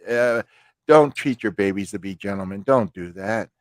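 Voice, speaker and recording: A man with a lowish voice tells a rambling, crude family story on a podcast. He jokes and acts out the voices in it. The sound is close and dry. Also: moderate pace, dry recording. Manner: crude, joking storyteller who acts out his mother's lines. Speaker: podcast host. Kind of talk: casual storytelling chat.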